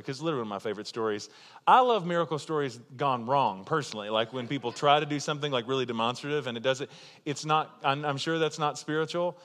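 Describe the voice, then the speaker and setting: A man's voice: fairly high pitch, a bit bright, long reverb tail. A man preaching a sermon in a loose, conversational storytelling way, full of asides and laughter at his own jokes. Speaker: pastor.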